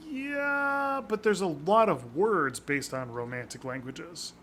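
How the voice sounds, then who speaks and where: A man's voice: mid-range voice, animated, measured pace, fairly bright tone. A man co-hosting a podcast, chatting casually and rambling, with some swearing. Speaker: podcast co-host. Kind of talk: casual chat.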